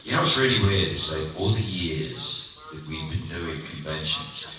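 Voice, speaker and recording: A man's voice: a bass voice, expressive, moderate pace, crowd noise. An older man, a guest on a convention panel, telling jokey stories and laughing often. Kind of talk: panel Q&A chat. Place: large convention hall. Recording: echoey hall, distant mic, noisy.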